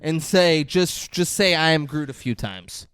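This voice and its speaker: Podcast guy going off in disbelief, slightly high voice, swears, dry sound. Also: measured pace, fairly bright tone, smooth, no echo. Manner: incredulous, ranting, profane. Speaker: podcast co-host. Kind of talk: casual movie review chat.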